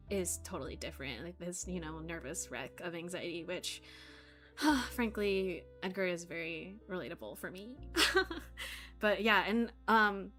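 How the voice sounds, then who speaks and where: A chatty woman gushes over her castmates on a home mic, her voice bright and forward. She rambles with plenty of fillers, and soft music runs faintly underneath. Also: on the low side. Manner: gushing, chatty, many fillers. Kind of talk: casual chat among voice actors.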